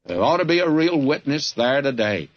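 A man's voice: medium pitch, big pitch swings, moderate pace, highs cut off. An older man with a Southern US accent, preaching a folksy, fervent radio sermon that keeps calling the listener "friend". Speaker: radio Bible teacher.

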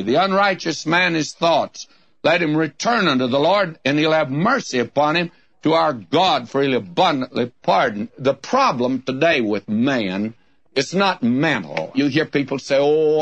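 A man's voice: a little high, fairly bright tone. A man teaches through a Bible passage in a slightly raised, plain voice. He speaks to the listener as a friend and reads scripture in old-fashioned wording. The sound is dry and close, with no room echo. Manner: folksy, addresses listeners as friend. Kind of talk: recorded radio Bible study sermon.

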